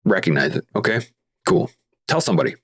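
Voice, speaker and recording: A man's voice: sits low, big pitch swings, fast, fairly bright tone, slightly rough. A man from Canada, a guest on a podcast, talking earnestly and explaining his points through everyday analogies. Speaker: podcast guest, veteran advocate. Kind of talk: casual podcast conversation.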